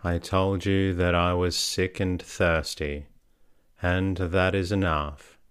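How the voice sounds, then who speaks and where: A fretful, sickly young woman from an old storybook, always complaining and quick to take offence, read by a man. The voice sits very deep and unhurried, with a smooth, resonant tone. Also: little pitch movement, no room sound, clean studio sound. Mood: peevish. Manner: complaining, sharp-tempered.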